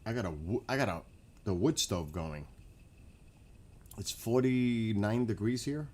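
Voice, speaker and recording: A man from New York rambles comfortably with viewers on a late-night livestream in front of his house. He has a lowish voice and a measured pace.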